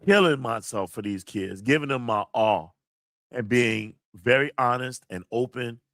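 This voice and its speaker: A man's voice: mid-range voice, a little slow, a bit bright, no echo, studio quality. Man, livestream host, emphatic, profane, tense edgy voice. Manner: emphatic, profane, candidly venting. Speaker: college teacher and livestream host. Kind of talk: livestream chat, reading viewer comments aloud.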